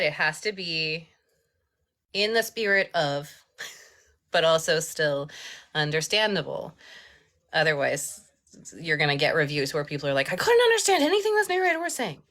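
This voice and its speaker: A woman hosting a casual live-stream chat about narration, emphatic and quick to chime in with agreement. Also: low voice, bright, forceful tone. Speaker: host and audiobook narrator.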